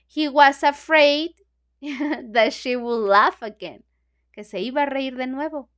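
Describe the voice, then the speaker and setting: A woman teacher with a Mexican Spanish accent reading a children's book aloud in an English class, pausing to explain and gloss lines in Spanish. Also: high-pitched, a bit bright. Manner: chatty, hesitant, many fillers, glosses lines in Spanish.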